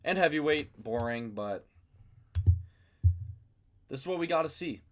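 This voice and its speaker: A man's voice: fairly high pitch, lively intonation, a little slow, background noise. A man hosting a casual fight commentary vlog from his basement, rambling and self-mocking. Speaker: MMA video host.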